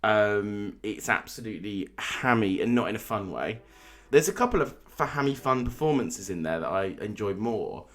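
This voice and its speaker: A man's voice: fairly low pitch, expressive, normal speed, few pauses, fairly bright tone. A man co-hosting a casual film podcast, talking in opinionated bursts with frequent restarts. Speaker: podcast co-host. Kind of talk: casual film review chat.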